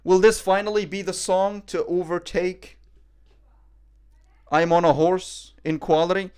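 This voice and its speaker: A man's voice: sits high, flat delivery, a little slow, a little mellow, clear, resonant tone. A man streaming live, reacting in casual chat; cocky, joking, profane and rambling.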